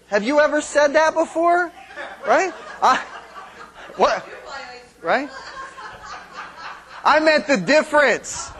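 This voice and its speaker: Very high-pitched with a fairly bright tone, a preacher speaks conversationally on marriage, questioning the congregation. He acts out quarrels, voicing the quoted exchanges himself.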